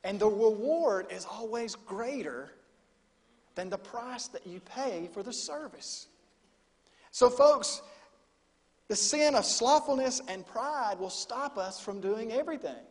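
Speaking slowly and with animation, a middle-aged student minister with a high voice preaches in what sounds like a big room. His sermon unfolds as folksy storytelling full of quoted asides.

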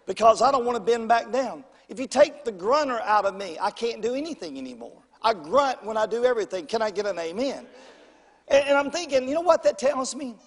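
An older pastor preaches with a high, bright voice. He calls out to the congregation for amens and swings between booming lines and hushed ones. The sermon rings with the long reverb of a church sanctuary. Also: fairly quick. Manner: preacherly call-and-response, animated swings in pitch and volume.

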